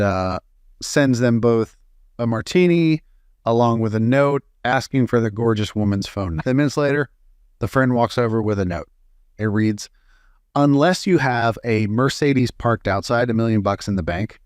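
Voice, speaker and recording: A man's voice: fairly low pitch, clear, resonant tone, dry recording, studio quality. A man reading a string of jokes aloud in a plain storytelling way, with frequent "uh" fillers. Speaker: joke reader.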